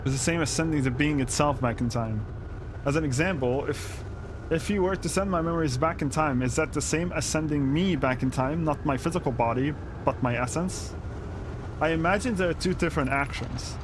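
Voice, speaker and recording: A man's voice: on the high side, brisk, noisy background. A man commenting live on a stream, reacting to clips with amused exasperation and stammered restarts.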